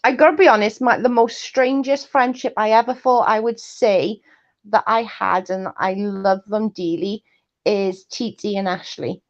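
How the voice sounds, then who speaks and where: A woman's voice: mid-range voice, fairly even intonation, unhurried. A woman chatting casually on a livestream, laughing often and telling rambling stories. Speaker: guest co-host. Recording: muffled lo-fi stream audio.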